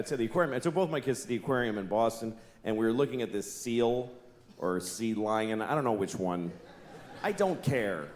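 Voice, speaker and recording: A middle-aged man doing a stand-up comedy routine, exasperated, jumping into wild voices as he tells it. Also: medium pitch. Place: comedy stage in a large venue with audience. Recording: echoey live venue with ambient noise.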